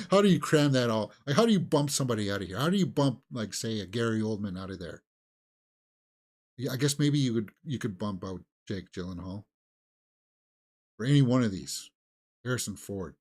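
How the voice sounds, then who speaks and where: A man co-hosting a movie talk show, chatting casually and thinking aloud with halting restarts. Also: medium pitch, animated, breathy edge. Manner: musing, halting, with fillers and restarts. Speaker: movie news co-host. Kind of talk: casual chat.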